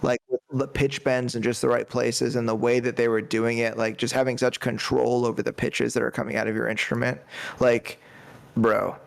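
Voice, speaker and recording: Male panelist, casual music chat; excitable, rambly, filler-heavy, a gravelly edge. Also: medium pitch, normal speed. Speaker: podcast panelist.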